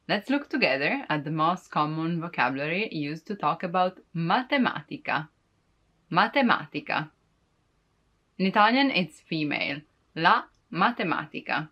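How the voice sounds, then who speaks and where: Low-voiced woman hosting a language lesson. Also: fairly bright tone. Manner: chatty and upbeat, addressing viewers directly. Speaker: Italian language teacher. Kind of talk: friendly vocabulary lesson to camera.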